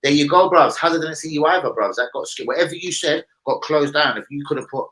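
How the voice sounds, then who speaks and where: A man's voice: a little high, quick pace, fairly bright tone, poor audio. A man hosting a live football chat stream, chatty and slangy, talking straight to his co-host. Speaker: livestream football show host.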